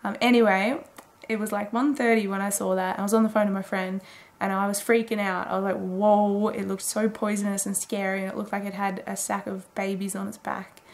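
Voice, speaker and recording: A woman's voice: medium pitch, little pitch movement, a little fast, few pauses. A woman in her twenties rambling casually through a late-night video diary, chatty and full of fillers. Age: 20s. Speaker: daily vlogger.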